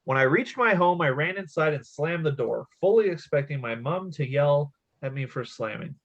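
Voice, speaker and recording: A man's voice: a little high, lively intonation, normal speed, a bit bright, highs cut off. Man in his thirties reading a scary story. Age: 30s. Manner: laughs often, swears casually. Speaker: podcast host. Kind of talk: casual podcast chat, reading a story aloud.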